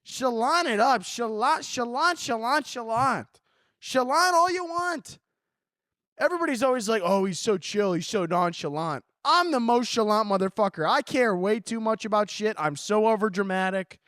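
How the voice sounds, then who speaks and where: A man hosting a comedic advice podcast, cursing freely and ranting overdramatically, jumping from muttered asides to shouts and acting out both sides of imagined chats in mocking voices. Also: extremely high pitch, normal speed, no echo, studio quality. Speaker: podcast host giving advice.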